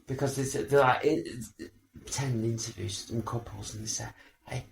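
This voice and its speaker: A man's voice: mid-range voice, fairly even intonation, normal speed, creaky. A man, co-hosting a casual podcast, grumbling and rambling as he mocks what irritates him. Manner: grumbling, rambling, mimics voices. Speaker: podcast co-host. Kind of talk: casual banter. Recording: echoey room.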